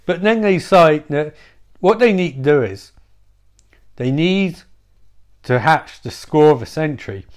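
A man rambles through a comic story, swearing freely. His voice sits a touch high, and his pitch swings widely from line to line. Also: a little slow, pauses often. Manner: rambling, profane, animated retelling. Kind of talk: comedic storytelling.

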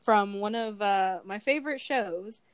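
A woman's voice: medium pitch, a little slow, smooth, no echo. A woman co-hosting a podcast in casual chat, giggly and chatty, often hedging with fillers as she shares facts. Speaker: podcast co-host sharing facts. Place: Bay Area.

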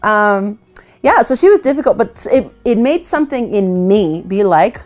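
A woman's voice: medium pitch, very animated, moderate pace, a little mellow, soft background music. A woman, a worship leader, telling self-deprecating stories in a casual interview, often laughing. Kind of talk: casual storytelling in conversation.

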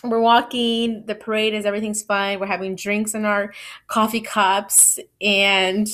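With flat delivery, a measured pace and a slightly bright medium-pitched voice, a twenty-something woman tells a casual personal story on her podcast. She chats freely, says "like" and "you know" a lot, and laughs at herself.

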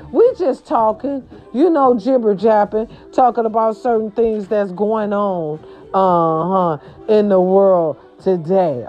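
A woman's voice: mid-range voice, dark tone. A woman hosting her own show, chatting casually and sassily about celebrity gossip with slangy asides. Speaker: host. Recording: dull lo-fi sound with faint music.

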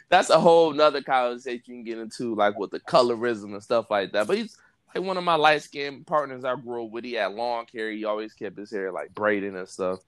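A man's voice: medium pitch, normal speed, a bit bright. A man hosting a podcast, telling laid-back slangy stories and laughing often, with speech. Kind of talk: casual storytelling chat. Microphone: phone app recording.

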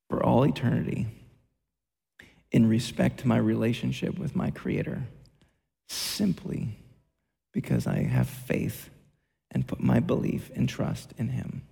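Male pastor, 30s, humorous sermon storyteller, gravelly voice, long room reverb. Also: medium pitch, a little mellow. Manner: humorous storytelling, self-deprecating.

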